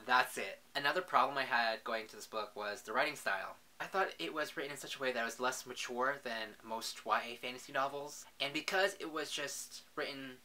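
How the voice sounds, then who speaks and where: Bright-voiced young man gushing about books. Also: mid-range voice, fairly quick, hardly any pauses. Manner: chatty, gushing, says "literally" a lot. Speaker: book vlogger. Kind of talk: casual book review vlog.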